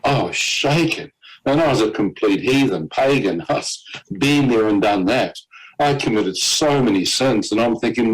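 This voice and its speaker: A man's voice: medium pitch, lively intonation, normal speed, slightly rough, low-quality recording. A man, a guest on a faith program, telling his personal testimony as a vivid story, with fillers and short laughs along the way.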